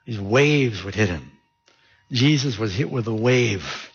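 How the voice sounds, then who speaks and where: A man preaching a sermon with vivid storytelling and wide swings in pitch, his voice gravelly and husky. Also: lively intonation, takes it slowly, dull audio.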